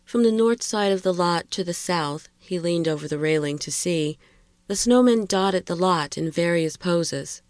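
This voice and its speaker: A woman narrating a horror story in a measured, steady reading. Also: lowish voice, no echo.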